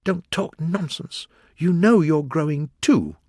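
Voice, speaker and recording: A man voicing a polite, timid young girl in a high, soft voice. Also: expressive, takes it slowly, slightly rough, no echo, clean studio sound, full character voice.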